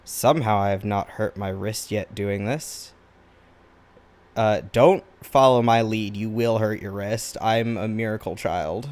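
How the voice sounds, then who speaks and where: A man's voice: fairly low pitch, measured pace, darkish tone, clear, resonant tone. A tired man chatting casually and rambling in a self-deprecating way while he draws on camera. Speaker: artist drawing on camera. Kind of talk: casual chat while drawing.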